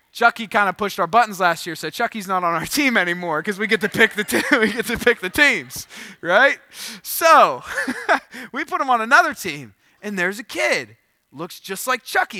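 A man's voice: high-pitched, no room sound. A man in his thirties preaching a sermon, telling a funny story with jokes before reading scripture. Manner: storytelling, animated and joking. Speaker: pastor.

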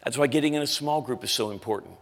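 A man's voice: mid-range voice, fast talker. A middle-aged male pastor preaching a sermon with intense conviction, pushing his voice hard at emotional peaks. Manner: intense, rising to shouts when telling a story. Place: church auditorium. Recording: live in a large reverberant hall with faint music.

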